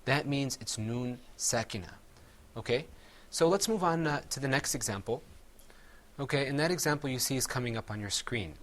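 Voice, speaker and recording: A man teaching a Quran recitation class, patiently quizzing his students and drilling words slowly with them. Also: medium pitch, a bit bright.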